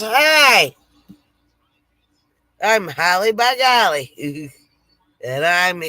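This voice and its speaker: In a fairly low but fairly bright voice, a woman hosts a casual live stream from her home setup near a lake, chatting with viewers, reading their comments aloud and laughing at her own jokes. The audio is poor, though there's no echo.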